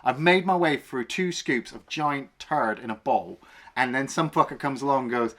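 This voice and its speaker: A man's voice: mid-range voice, moderate pace, fairly bright tone. A man co-hosting a film review podcast, ranting with heavy swearing in casual chat. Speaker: podcast co-host.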